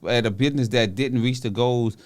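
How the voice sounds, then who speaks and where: A man hosting a podcast interview, chatty and animated, calling out encouragement to his guest. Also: mid-range voice, a little fast. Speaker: podcast host. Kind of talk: casual interview.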